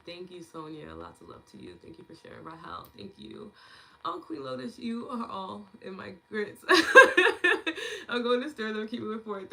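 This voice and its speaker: A woman's voice: low voice, vocal fry, bright, forceful tone. A woman hosting a live online gratitude session, chatting casually and affectionately, laughing often as she reads out and thanks viewers' comments.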